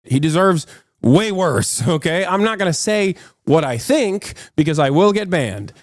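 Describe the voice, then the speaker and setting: A man's voice: sits high, lively intonation, dry recording, studio quality. Heated, profane male political streamer. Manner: heated, profane, rapid bursts. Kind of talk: reaction stream commentary.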